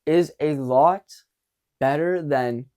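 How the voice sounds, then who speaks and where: Young man, dating coach, casual to-camera talk, blunt and animated, swears freely, slightly high voice. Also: takes it slowly.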